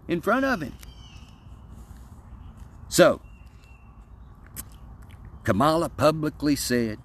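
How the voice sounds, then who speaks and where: A man giving a casual opinion rant in a folksy, emphatic, rambling way, often restarting his sentences. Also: mid-range voice. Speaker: political commentator.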